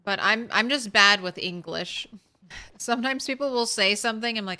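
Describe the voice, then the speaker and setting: Bright, clear-voiced woman streamer. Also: a little high, normal speed. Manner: chatty, rambling, talks to chat. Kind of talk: casual gameplay commentary.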